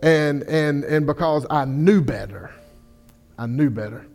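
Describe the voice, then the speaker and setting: Young pastor preaching a folksy sermon. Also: male voice, a little high, unhurried, creaky, faint music behind. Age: young adult. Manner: folksy storytelling, animated quoted voices.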